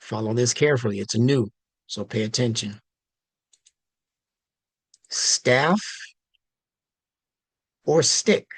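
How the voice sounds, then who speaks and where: A male instructor giving a slow, emphatic religious language lesson, stressing key words. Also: mid-range voice, fairly bright tone, no room sound. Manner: slow, deliberate, emphatic teaching.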